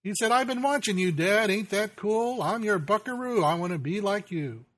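A man's voice: high-pitched, lively intonation, moderate pace, a bit bright, voice pushed up. A man voicing an eager four-year-old boy who adores his dad, as he recites song lyrics in a raised childlike voice. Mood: adoring.

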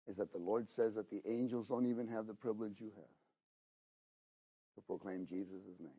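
A middle-aged man preaching a sermon, talking straight to the congregation and swinging between loud exhortation and hushed asides. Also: lowish voice, slightly rough. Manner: talks to the congregation directly, with frequent "you know?" and "okay?".

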